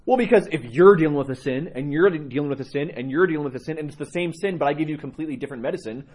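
A man's voice: on the high side, rapid-fire, few pauses, husky. A man who is a priest, giving a conversational teaching talk to his congregation and telling stories with laughs along the way. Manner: conversational, animated storyteller with laughs.

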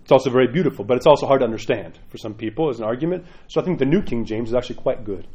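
Fast-talking, chatty parish priest. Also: male voice, mid-range voice, lively intonation, darkish tone, dull audio. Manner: rambling, chatty, with frequent asides and laughs. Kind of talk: informal sermon to parishioners.

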